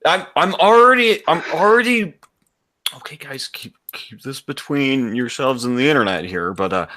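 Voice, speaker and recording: A man's voice: medium pitch, lively intonation, normal speed, bright, forceful tone. A man hosting a comedy stream, bantering sarcastically and bossing his co-hosts around. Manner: sarcastic, bossy mock-showrunner. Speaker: stream host.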